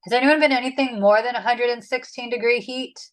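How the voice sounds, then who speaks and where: A woman's voice: a little high, steady tone, fairly quick, low-quality recording. Chatty woman leading a Bible study. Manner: chatty, with many "like"s and "um"s. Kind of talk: casual Bible teaching.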